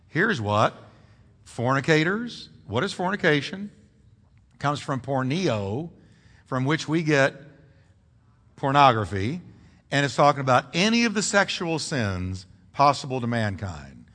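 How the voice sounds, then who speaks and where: A man preaching a sermon as pastor, animated, drawing call-and-response from the congregation. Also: mid-range voice, unhurried. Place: church sanctuary. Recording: reverberant church hall.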